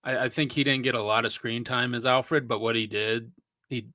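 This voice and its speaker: A man with a bright, forceful voice makes his case about a film in relaxed podcast talk. He builds points steadily and lets a swear slip now and then. The recording is close and dry. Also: medium pitch, moderate pace, no room sound. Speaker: podcast co-host. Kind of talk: casual film review chat.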